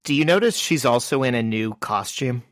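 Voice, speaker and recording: A man's voice: mid-range voice, normal speed, no echo. Male podcast co-host, casual and meandering, dry close sound. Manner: relaxed, rambling with fillers. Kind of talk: casual chat.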